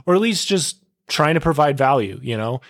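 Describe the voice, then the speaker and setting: A young man hosting his own podcast, talking on his own in a casual, excitable way, full of filler words and calling his listeners "dude". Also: a little high, normal speed, no echo, studio quality. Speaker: podcast host. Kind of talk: casual solo podcast monologue.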